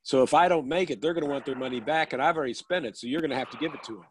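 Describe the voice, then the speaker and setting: A man's voice: mid-range voice, racing, slight background noise, poor audio. Man telling a dry-humored anecdote. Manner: dry punchline delivery. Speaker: professional speaker. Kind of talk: storytelling anecdote. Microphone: phone or video call.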